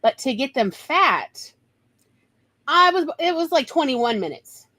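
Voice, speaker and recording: A woman with a slightly high voice chats with a friend, dry and wry. She sighs and tells small stories in an easy, relaxed way. The sound is dry and close. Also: slow pace, dry recording. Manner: wry, sighing, storytelling. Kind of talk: casual chat.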